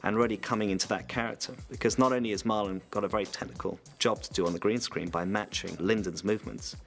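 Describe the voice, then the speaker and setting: A man, a visual effects supervisor, explaining the process in a measured, technical way in a behind-the-scenes interview. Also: on the low side, fairly even intonation, creaky, faint music behind.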